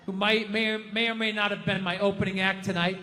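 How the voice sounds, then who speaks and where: A man in his fifties telling a stand-up story in a loud, animated way, with shouted bursts. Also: high voice, fast talker. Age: 50s. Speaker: stand-up comedian. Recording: reverberant hall with faint noise.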